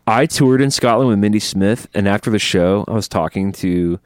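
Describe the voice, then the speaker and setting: A man hosting a podcast in casual chat, telling stories with lively acted-out quotes. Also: lowish voice, normal speed, no room sound, clean studio sound. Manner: animated storyteller, acts out quotes. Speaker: podcast host.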